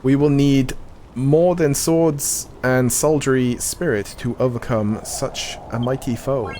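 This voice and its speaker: Guy reading a stern game army commander, slow and measured. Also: medium pitch, steady tone, dark tone, a little hiss or hum, pitched above the performer's own voice, close to an everyday voice. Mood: solemn.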